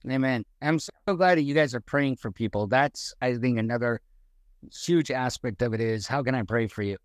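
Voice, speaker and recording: A man co-hosting a casual faith talk from a live stream, retelling a story in an animated, heartfelt way. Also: medium pitch, normal speed, no room sound, studio quality. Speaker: co-host.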